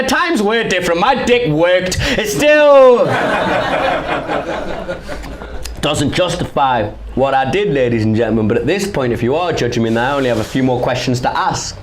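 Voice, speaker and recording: A man's voice: medium pitch, a little hiss or hum. A man from England doing a confessional stand-up set, telling stories with asides to the crowd. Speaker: stand-up comedian.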